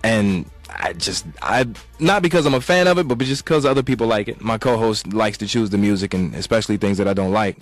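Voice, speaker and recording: A relaxed man with a fairly low voice, talking as a guest in a radio studio booth. He speaks casually, drops hesitant fillers and keeps saying "man". The sound is dry and close, with faint music underneath. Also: fairly quick, hardly any pauses, no room sound. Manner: laid-back, says "man" often, hesitant fillers.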